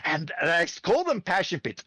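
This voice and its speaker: A man's voice: fairly high pitch, normal speed, slightly rough, no room sound. A middle-aged man, a podcast guest who runs an esports team, telling fired-up stories in casual chat and swearing freely. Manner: animated, profane, fired-up storytelling.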